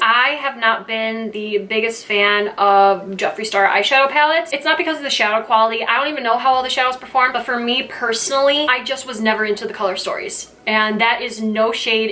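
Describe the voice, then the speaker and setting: A young woman beauty vlogger chatting excitably through a makeup review and tutorial, gushing and making personal asides to her viewers. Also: fairly high pitch. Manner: gushing, excitable, says "freaking" a lot.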